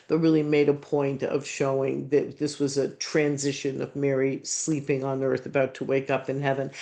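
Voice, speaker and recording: A man, an art historian, answering questions in an online panel, halting and searching for words with many restarts. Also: fairly high pitch, darkish tone.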